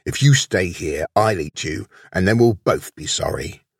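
A man voicing a gruff but soft-hearted old male wolf in a storybook, groaning and exasperated. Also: low-pitched, measured pace, no room sound, clean studio sound, far from the mic, heavily acted. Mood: grumbling.

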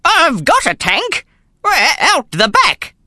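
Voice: sits high, huge pitch swings, slow, bright, forceful tone, no echo, studio quality, pitched above the performer's own voice, heavily acted. A reader voicing a rambling, proud old grandfather who was once a soldier, in an audiobook. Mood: chuckling. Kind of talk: audiobook character voice.

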